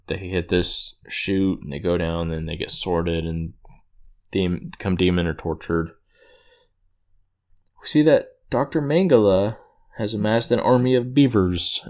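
Man with a fairly low voice, loose rambling recap style, trips over and fixes his own phrasing. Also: a little mellow. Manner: rambling, self-correcting, chuckles at own retelling. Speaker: episode recapper. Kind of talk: casual plot recap.

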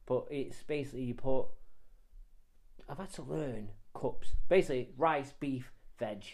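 A man's voice: mid-range voice, a little slow, darkish tone. A man co-hosting a casual couple podcast, teasing and joking with plenty of swearing. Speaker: podcast co-host.

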